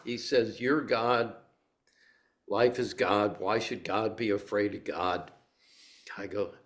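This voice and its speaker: A man's voice: fairly low pitch, fairly even intonation, slow, pauses often. Playful older man telling a teaching story. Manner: playful, laughs while telling stories. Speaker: meditation teacher. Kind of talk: dharma talk with storytelling.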